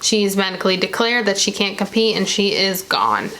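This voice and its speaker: A young woman chatting casually as she recaps a reality show episode, retelling scenes with quick quoted asides. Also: mid-range voice, sing-song, a bit bright, slight background noise.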